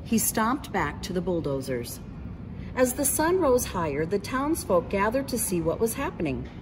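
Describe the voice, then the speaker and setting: A woman's voice: medium pitch, big pitch swings, normal speed, noisy background. A woman reading a children's picture book aloud, narrating expressively and voicing the characters.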